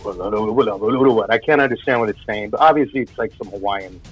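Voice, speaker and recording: A man's voice: on the low side, normal speed, slightly rough. A man telling a personal spooky story in a casual, rambling way, full of filler words. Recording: dull lo-fi sound with faint music.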